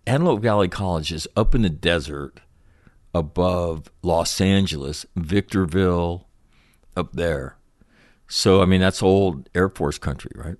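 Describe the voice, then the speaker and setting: A man's voice: low-pitched, no echo, studio quality. A man in his sixties, a podcast host, casually telling a loose, profane story and acting out both sides of the conversation.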